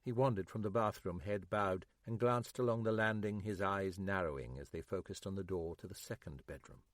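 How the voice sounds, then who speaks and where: A man narrating a mystery audiobook in a steady, measured way. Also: sits low, no room sound, studio quality. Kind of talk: scripted narration.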